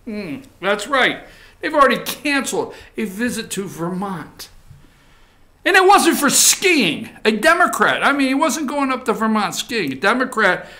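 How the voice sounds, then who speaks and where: A man hosting casual political commentary, animated and mocking, muttering asides between loud points. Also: high-pitched. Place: studio.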